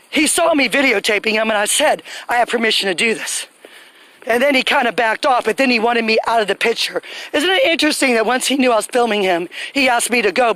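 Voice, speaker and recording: A woman's voice: on the high side, fairly bright tone, dry recording, rough recording. A woman, ranting angrily to viewers on a phone livestream outdoors, speaking in an indignant, emphatic way.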